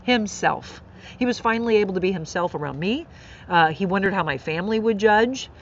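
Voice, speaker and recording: A woman's voice: mid-range voice, lively intonation, a little fast. Middle-aged woman podcast host, heartfelt storyteller, slightly dull recording with faint hiss. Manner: emotional, earnest, with tearful laughs.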